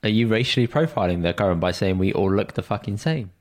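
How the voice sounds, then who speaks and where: A man co-hosting a podcast, running the intro and teasing his co-host in a brisk, blunt way. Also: fairly low pitch, expressive, a little mellow. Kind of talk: casual chat.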